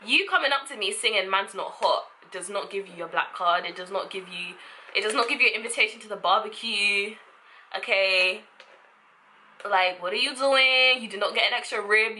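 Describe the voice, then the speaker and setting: Bright, sassy young woman. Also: mid-range voice. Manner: sassy, expressive, quick asides and frequent laughter. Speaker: vlogger. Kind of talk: casual talk to camera.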